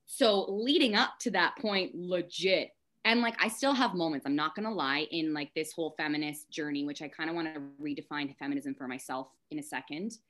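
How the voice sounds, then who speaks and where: A woman speaking as a podcast guest, frank and impassioned, talking in rushes and drifting into tangents. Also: sits low, fairly bright tone. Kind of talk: candid podcast conversation.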